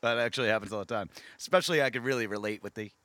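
A man co-hosting a casual comedy podcast, relaxed and easily amused, sometimes doing a mock sports-announcer call. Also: on the low side, rapid-fire, dry recording. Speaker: podcast co-host.

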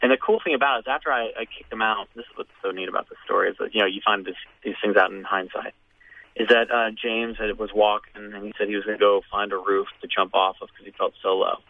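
A man telling a personal story in a casual, animated way, acting out what others said. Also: lowish voice, fast talker. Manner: animated, acts out quoted voices. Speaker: guest telling his story. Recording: phone-like radio audio.

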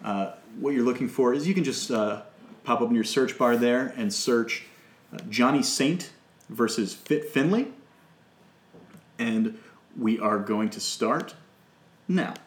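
A man's voice: mid-range voice, unhurried, long pauses, reverberant. A man hosting a casual podcast, laughing often and explaining wrestling rules. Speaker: podcast host.

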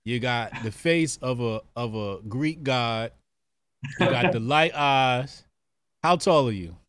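A man's voice: mid-range voice, animated, slow, a bit bright, clear, resonant tone, no echo. A man hosting a casual show, hyped and slangy, laughing often with his guest. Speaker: podcast host. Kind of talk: casual interview chat.

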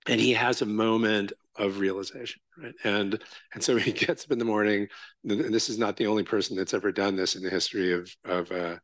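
A Zen teacher giving a dharma talk in a casual, halting way, full of fillers and check-ins with the listeners. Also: male voice, on the low side, fairly even intonation, fairly bright tone, no echo.

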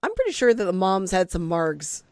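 A woman hosting a casual fan podcast, talking in animated, rambling bursts with laughing asides. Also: on the low side, normal speed, dry recording, studio quality. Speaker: podcast host.

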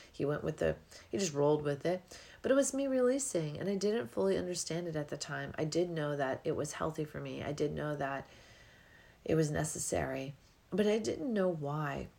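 A woman's voice: low voice, darkish tone. A middle-aged woman hosting a podcast, talking in a reflective, rambling way with sighs and yawns. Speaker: podcast host. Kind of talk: casual spiritual podcast monologue.

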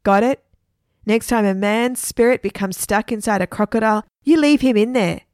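A woman's voice: on the high side, moderate pace, darkish tone, no echo, studio quality, lightly acted. A woman voicing a stern adult male security guard who speaks firmly and scolds. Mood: scolding. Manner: firm, scolding.

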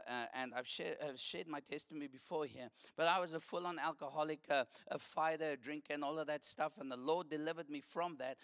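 A man's voice: fairly high pitch, fairly bright tone, dry recording, studio quality. A man preaching a fervent sermon, telling a story and calling for responses from the congregation.

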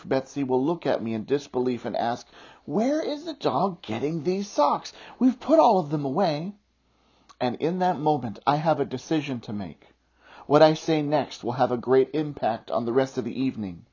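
Husky-voiced pastor preaching a sermon. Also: male voice, medium pitch, a little mellow. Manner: self-deprecating storytelling, earnest. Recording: muffled lo-fi recording.

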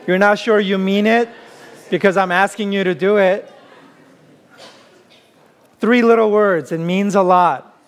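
A man preaching a sermon to his congregation in a relaxed, conversational way, often pausing on "uh", with playful asides that draw laughs. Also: sits high, smooth. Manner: conversational preaching with frequent "uh" fillers. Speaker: pastor.

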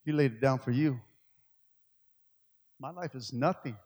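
A man preaching a sermon as pastor, swinging from loud, urgent appeals to quiet, low passages. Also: unhurried, in a large hall. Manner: preaching with rising, shouted appeals and quiet stretches.

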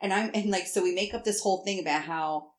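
A woman telling a rambling story in casual chat, animated and swearing often. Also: medium pitch, quick pace. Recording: roomy echo.

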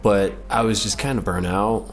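A man's voice: lowish voice, normal speed, soft background music. A man in his late twenties casually telling a personal story in a laid-back, rambling way, correcting himself as he goes. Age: 20s. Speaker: storyteller guest.

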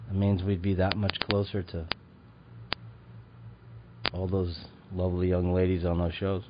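A man with a very low voice hosts a podcast in loose, casual chat. He rambles and hesitates, with plenty of fillers. The audio is dull and lo-fi, with a clear hiss of noise underneath. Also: monotone, unhurried. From Chicago. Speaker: podcast host.

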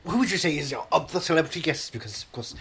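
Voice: medium pitch, lively intonation, quick pace, slight background noise. Someone doing a pompous old knighted actor. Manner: drawling, repeats "wonderful", sinks to a hushed murmur. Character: pompous aging knighted film actor, self-absorbed. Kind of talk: comic celebrity impression.

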